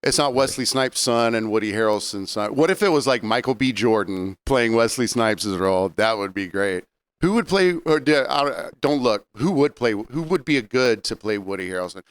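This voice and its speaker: A man co-hosting a podcast, telling stories in a relaxed, rambling way with fillers. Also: mid-range voice, a little fast, clear, resonant tone, no room sound. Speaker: podcast co-host. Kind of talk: casual chat.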